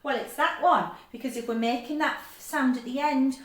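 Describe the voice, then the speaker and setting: Woman teacher, highish voice, patient and upbeat phonics lesson, echoey room. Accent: English. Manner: bright and encouraging, stretches sounds out slowly. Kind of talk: phonics lesson for young children.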